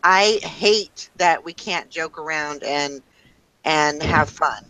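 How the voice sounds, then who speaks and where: A woman hosting a live online show, talking slowly and earnestly to her audience with many fillers. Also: low voice, sharp tone, low-quality recording. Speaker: host. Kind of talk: casual live show chat.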